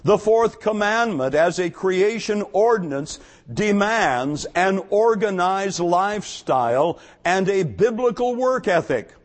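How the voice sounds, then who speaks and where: A male Bible teacher with a fairly high voice, giving a careful expository sermon. He speaks slowly and deliberately and leans on each key word. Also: expressive. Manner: slow, measured and deliberate, stressing key words. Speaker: preacher.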